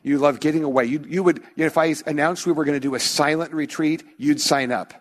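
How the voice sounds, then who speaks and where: A man's voice: a little high, fairly quick. A male pastor preaching a sermon in a church, talking conversationally and acting out little quoted voices of his listeners. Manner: conversational, animated with acted-out quotes.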